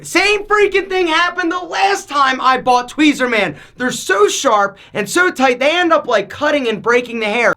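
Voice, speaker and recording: A man's voice: very high-pitched, bright, forceful tone. A man hosting a lifestyle vlog, talking to the camera with energy, often raising his voice and acting out his own past reactions. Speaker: lifestyle channel host.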